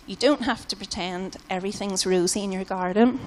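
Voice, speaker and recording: A woman's voice: mid-range voice, fairly quick, darkish tone, a little hiss or hum. A British woman preaching a sermon in a casual, conversational way, often saying "like" and "you know". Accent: British English. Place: church hall. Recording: long hall reverb in a church.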